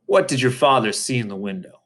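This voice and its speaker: Man doing a steady middle-aged lawyer, calm, picks at the witness question by question. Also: mid-range voice, natural voice. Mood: probing. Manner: measured, probing questions.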